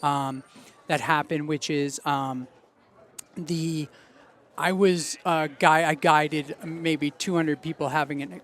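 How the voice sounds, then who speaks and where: A man as a podcast guest, casually telling anecdotes and acting out the voices of the people in them. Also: a little high. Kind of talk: casual storytelling.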